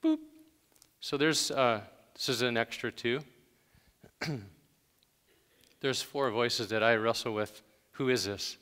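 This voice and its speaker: A man's voice: mid-range voice, lively intonation, slow, pauses often, fairly bright tone, smooth, in a large hall. A man preaching a sermon in a conversational way, with sudden emphatic bursts. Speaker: pastor.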